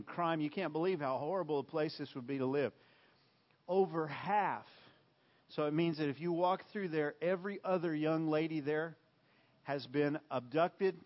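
A man preaching a sermon, emphatic and repetitive, swinging from loud bursts to hushed lines. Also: fairly high pitch, muffled recording. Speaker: pastor.

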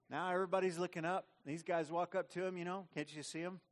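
A man's voice: sits high, fairly even intonation, fast talker. A man preaching a sermon in a conversational, repetitive way. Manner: conversational preaching with frequent repeated words. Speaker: pastor.

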